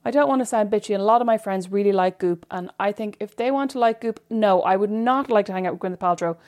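A woman's voice: medium pitch, fast. Gossipy woman co-host. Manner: gossipy and animated. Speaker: podcast co-host. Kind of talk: casual chat.

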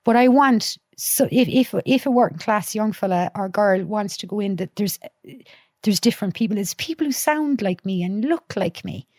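Dublin woman, podcast guest, animated storyteller, swears freely, dry close sound. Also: mid-range voice, moderate pace, dry recording. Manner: lively storyteller, acts out quotes, swears freely. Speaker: podcast guest, youth worker. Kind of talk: casual chat.

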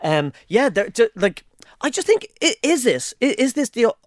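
A man's voice: extremely high pitch, moderate pace, dry recording, studio quality. An Irish man co-hosting a podcast in casual chat, stumbling over restarts as he thinks aloud. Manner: animated, stop-start with many restarts. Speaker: podcast co-host.

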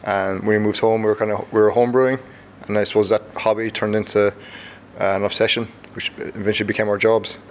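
A man with a Cork accent, co-founder of a brewery, speaking in a friendly, brisk way in a casual interview. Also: fairly low pitch, little pitch movement, a little hiss or hum.

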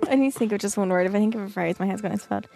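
A woman's voice: medium pitch, rapid-fire, creaky, warm tone, faint music behind. Chatty young Irish woman telling stories. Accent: Irish (Dublin). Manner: chatty storytelling, swears casually. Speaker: podcast co-host. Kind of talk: casual chat.

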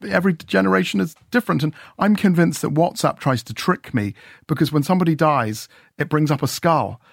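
A man's voice: fairly high pitch, fairly quick, creaky, dry recording, studio quality. A man reporting for a radio show, chatting in a rambling, hesitant, self-mocking way and interviewing people on the street.

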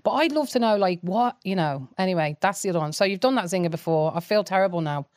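A woman's voice: fairly low pitch, lively intonation, quick pace, darkish tone, no room sound, clean studio sound. A woman, chatting frankly as a podcast guest and swearing casually.

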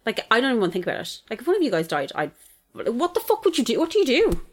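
A woman co-hosting a podcast in casual chat. She sounds expressive, swinging between hushed and excited. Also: on the high side, racing. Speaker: podcast co-host.

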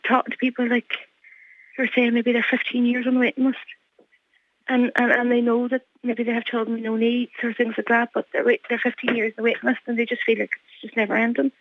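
A woman's voice: fairly high pitch, no echo. Middle-aged Donegal woman, interview guest, earnest and faltering, over a dry phone line. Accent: Donegal Irish. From Ireland. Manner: earnest, halting, many restarts. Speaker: guest, mother.

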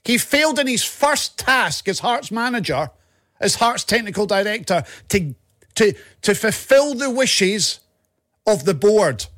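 A man's voice: high voice, sing-song, a little slow, a bit bright, no room sound, clean studio sound. A Scottish man co-hosting a casual football podcast, ranting and swearing with heated passion. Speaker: podcast co-host.

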